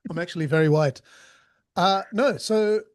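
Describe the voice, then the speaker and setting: Candid joking man, slightly high voice. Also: moderate pace. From Australia. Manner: joking, candid, rambling with restarts. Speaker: guest, street interviewer. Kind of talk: casual storytelling interview.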